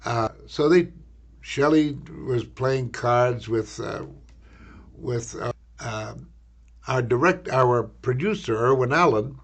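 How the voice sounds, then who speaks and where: Older man, husky voice, rambling halting anecdote, mid pitch. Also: fairly bright tone. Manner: rambling, halting, repeats words. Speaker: actor recalling a film shoot. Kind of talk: anecdotal interview storytelling.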